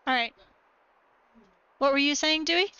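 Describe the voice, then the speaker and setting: A woman gaming streamer with a high, bright voice, talking casually on a live stream. She gives short, clipped commands and then explains things at length. The sound is a bit dull and lo-fi. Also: normal speed, dry recording.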